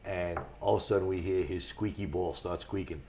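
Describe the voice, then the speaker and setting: A man, a guest on a talk show, telling rambling stories with a lot of restarts and getting animated as he goes. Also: low-pitched, fairly quick, a little hiss or hum. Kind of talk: casual storytelling on a talk show.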